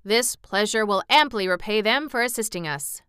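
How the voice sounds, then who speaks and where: A woman's voice: mid-range voice, animated, moderate pace, fairly bright tone, smooth, dry recording, studio quality, close to an everyday voice. A woman reading as a boastful gnome general. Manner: proud, emphatic delivery. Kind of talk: storybook reading aloud.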